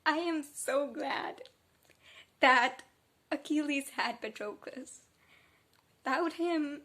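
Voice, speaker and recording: A young woman talks through her reading vlog in an unhurried, drawn-out way, her voice sitting a little high. She gushes with feeling and sounds close to tears. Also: sharp tone. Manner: emotional, gushing, close to tears. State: tearful. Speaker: book vlogger. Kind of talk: casual reading vlog chat.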